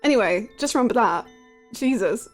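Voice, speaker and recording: A woman's voice: on the high side, lively intonation, brisk, soft background music. A woman streaming a game live, chatting casually with her viewers in a giggly, rambling way.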